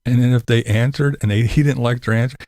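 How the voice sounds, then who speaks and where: A man's voice: medium pitch, fairly even intonation, fast talker, a little mellow, no room sound, studio quality. A man chatting casually with his online viewers, laughing through most sentences and swearing while he mocks. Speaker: livestream host answering chat. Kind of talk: casual commentary chat.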